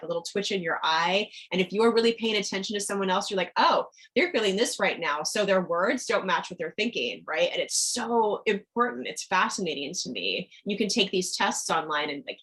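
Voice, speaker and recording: A middle-aged woman coach talking in a podcast interview, enthusiastic and animated, often acting out what people said. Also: fairly low pitch, low-quality recording. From Midwestern United States. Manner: animated, enthusiastic, acts out quotes. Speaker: communication coach, guest.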